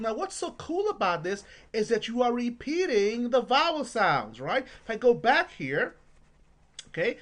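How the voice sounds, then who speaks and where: A woman coaching parents on spelling in a lesson video. Her fairly high voice stays upbeat, and she punches out each syllable sound with big emphasis. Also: sing-song, unhurried, a bit bright. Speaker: reading coach.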